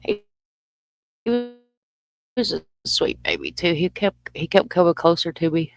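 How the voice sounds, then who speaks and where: A woman's voice: on the low side, sing-song, unhurried, creaky, soft background music. A woman with a Southern US accent hosting a casual livestream, chatting in a folksy way and reading out viewer comments. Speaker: livestream host.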